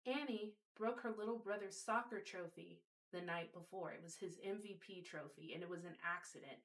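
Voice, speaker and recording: A woman's voice: on the low side, moderate pace. A woman hosting a video, casually explaining a topic and telling a story, speaking directly to her viewers. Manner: warm direct address to viewers.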